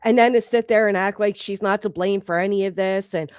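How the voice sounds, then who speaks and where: A woman's voice: mid-range voice, steady tone, brisk, few pauses, darkish tone, smooth, no echo, clean studio sound. A woman delivering a heated, sarcastic commentary rant, swearing and firing off rhetorical questions. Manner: indignant, sarcastic, profane, fires rhetorical questions. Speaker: online commentator.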